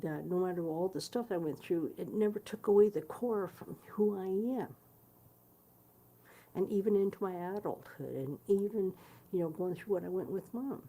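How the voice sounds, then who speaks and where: A woman's voice: lowish voice, mellow, slight background noise. A woman from Prince Edward Island candidly recounting a personal family story, reenacting conversations as she talks. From Prince Edward Island, Canada. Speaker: guitarist sharing a personal story.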